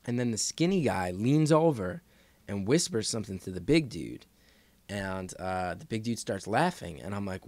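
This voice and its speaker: Casting: lower-voiced man, animated raconteur, close dry mic. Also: moderate pace, dry recording. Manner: animated, acts out quoted voices. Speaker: podcast guest. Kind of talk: casual storytelling.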